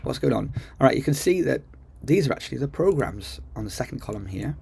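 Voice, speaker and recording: Chatty guy doing a coding tutorial on screen, gravelly voice, lots of ums. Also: mid-range voice, expressive, quick pace, darkish tone, a little hiss or hum. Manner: chatty, enthusiastic, thinks aloud with ums. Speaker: coding teacher. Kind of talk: casual screen-recorded tutorial. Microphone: computer mic while screen recording.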